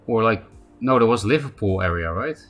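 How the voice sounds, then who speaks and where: Low-voiced man streamer, rambling. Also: expressive, fairly quick, faint music behind. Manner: rambling, thinking aloud with fillers. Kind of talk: casual live-stream commentary.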